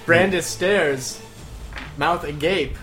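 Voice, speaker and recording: A man player describing his character in a tabletop game, halting with many fillers. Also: a little high, over music.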